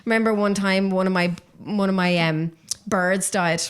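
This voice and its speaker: A woman's voice: mid-range voice, fairly even intonation, normal speed, smooth. Irish woman podcast host, blunt sweary storytelling, casual chat.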